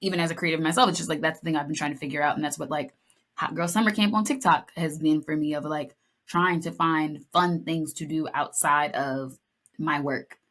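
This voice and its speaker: A young woman co-hosting a podcast in relaxed chat, with a slightly low voice. She tells stories with animated energy, slipping into quick impressions of the people she describes. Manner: animated storytelling, acts out lines, playful. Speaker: podcast co-host. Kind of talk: casual chat.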